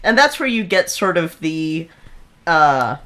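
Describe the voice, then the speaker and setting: Low-voiced woman podcast co-host. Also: big pitch swings, slow, background noise. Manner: dry, supportive interjections, fills in names. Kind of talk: casual podcast chat.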